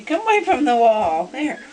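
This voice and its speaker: Woman, puppy owner, unhurried, sing-song coaxing, short commands, cheerful praise, indoors at home. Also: on the high side, sing-song, darkish tone, slight background noise. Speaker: puppy owner training her dog.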